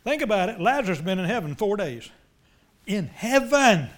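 Middle-aged male pastor with a high voice, preaching with passion and dropping to quiet asides. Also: sing-song, moderate pace. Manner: impassioned, swings between loud emphatic lines and quiet low ones. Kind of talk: sermon.

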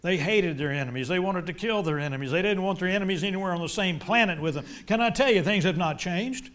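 A middle-aged male preacher delivering a sermon, swinging between loud emphatic lines and quiet, low ones. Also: quick pace.

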